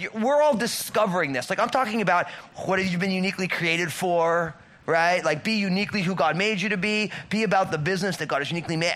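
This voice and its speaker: A man's voice: high voice, sharp tone. A middle-aged man preaching a sermon in a conversational way, with many rhetorical questions and emphatic repetitions. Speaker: pastor.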